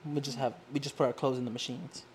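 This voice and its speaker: Young woman guest, casual profane storyteller, animated quotes. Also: a bass voice, quick pace, slight background noise. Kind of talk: casual chat.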